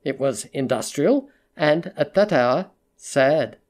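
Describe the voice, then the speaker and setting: A measured audiobook narrator reading literary fiction in a steady, mid-pitched voice. The delivery is even and controlled, with a pace that quickens and slows along with the story.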